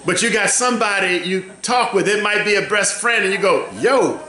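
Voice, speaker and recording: High, bright-voiced preacher building to shouts. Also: male voice. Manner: rising to shouted, chanting preaching with a call-and-response rhythm; drawn-out, emphatic phrasing. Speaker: pastor. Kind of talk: sermon. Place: church sanctuary. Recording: echoey church room.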